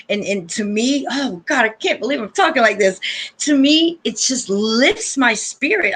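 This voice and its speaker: Bright, effusive woman hosting a stream. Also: fairly high pitch, breathy edge. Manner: effusive and emotional; addresses viewers as "you guys". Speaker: host of a live panel stream. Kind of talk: casual spiritual chat.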